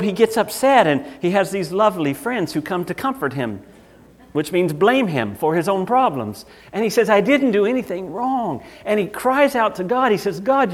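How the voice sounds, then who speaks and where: A man with a Southern accent preaching a sermon as pastor, conversational and emphatic. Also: high voice. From Southern United States.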